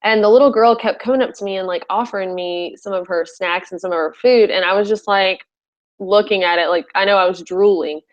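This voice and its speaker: A woman's voice: mid-range voice, fairly quick. A woman hosting a casual interview, chatty, with many fillers and frequent laughter. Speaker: podcast host. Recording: slightly muffled recording.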